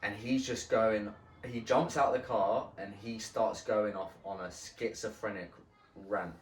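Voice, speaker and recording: Guy telling a wild story on a podcast, lowish voice, stops and restarts a lot, swears plenty, sounds kinda far off in an echoey room. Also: fairly even intonation, a little hiss or hum. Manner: halting and profane, with frequent restarts. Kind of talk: casual storytelling. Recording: roomy sound from a distant mic.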